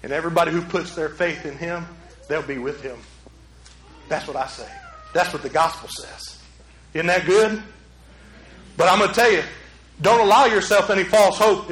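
A man preaching a sermon as a pastor, swinging from loud urgent peaks to hushed low passages. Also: echoey room, poor audio.

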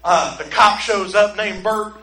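Male preacher, high voice, dramatic storyteller, very roomy sound. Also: unhurried. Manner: dramatic storytelling, swinging from hushed to loud. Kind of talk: sermon.

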